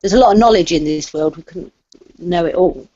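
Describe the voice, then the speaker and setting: Woman guest, earnest and thoughtful, lowish voice, muffled audio. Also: a little fast, mellow. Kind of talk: casual discussion. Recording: dull lo-fi sound.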